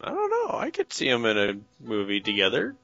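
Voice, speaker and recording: A man's voice: mid-range voice, wildly swooping pitch, a little fast, bright, forceful tone. A man in casual chat, blunt and rambling, swearing now and then. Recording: dull dry lo-fi sound.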